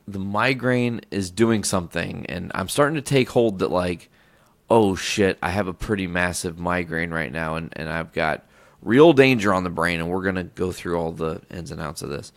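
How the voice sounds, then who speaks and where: Deep gravelly man telling a rambling story. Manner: rambling, profane, self-interrupting. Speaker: podcast host. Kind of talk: casual storytelling.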